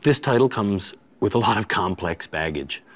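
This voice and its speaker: A man's voice: fairly low pitch, animated, moderate pace. A man hosting a reality show, coaching a nervous driver firmly but reassuringly, then making a formal announcement. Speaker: show host and driving instructor. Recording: loud music behind.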